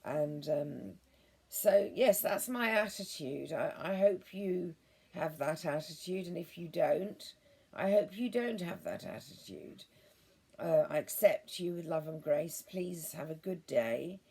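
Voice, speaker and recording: Very husky, gravelly woman vlogger. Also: low-pitched, animated, slow pace. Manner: gentle, earnest, meandering with many restarts. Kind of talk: rambling monologue to viewers.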